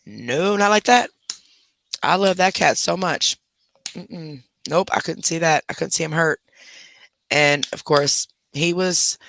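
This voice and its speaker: A man hosting a casual livestream from his bedroom at home, telling stories in an animated way and scolding his dogs in between. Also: sits high, creaky. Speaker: livestream host. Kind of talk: casual live chat.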